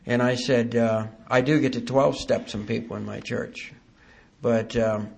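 A man giving a halting, earnest personal testimony at a recovery meeting, with dry self-deprecating humor. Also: mid-range voice, fairly even intonation, vocal fry.

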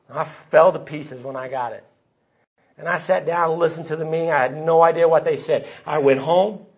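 Man, husky and fairly high voice, storytelling testimony on a dull lo-fi recording. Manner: storytelling, voices the people he quotes. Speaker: recovery meeting speaker. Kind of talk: personal testimony talk.

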